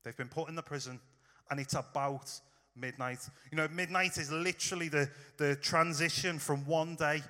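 A man's voice: fairly high pitch, steady tone, normal speed, pushed and bright, big-room sound. A man preaching in a casual, storytelling way, talking straight to his listeners. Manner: informal, storytelling, direct address to listeners. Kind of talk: conversational sermon.

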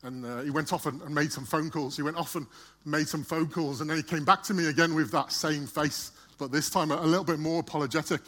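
A man's voice: a little high, fairly even intonation, fast, a bit bright. A man speaking to a church, telling a personal story in a chatty way, often repeating and restarting words. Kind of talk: storytelling sermon.

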